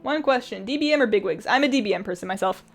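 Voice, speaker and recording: A woman's voice: mid-range voice, animated, fast, soft background music. A woman game streamer chatting casually during a live stream, reading chat aloud and laughing often.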